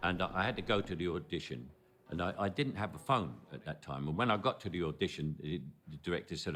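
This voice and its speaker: Deep-voiced older Cockney man reminiscing. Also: fast talker, a bit bright. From London. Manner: anecdotal storytelling with small repeated words. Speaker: narrator. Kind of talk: reminiscing documentary narration.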